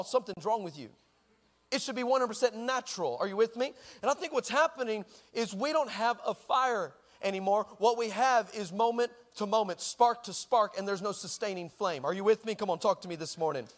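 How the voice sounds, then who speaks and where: With a high voice and a fast delivery, a Texan-accented pastor preaches in a large hall. He relates a comic story, animated throughout, shouting his punchlines and making conversational asides to ask the congregation whether they're with him.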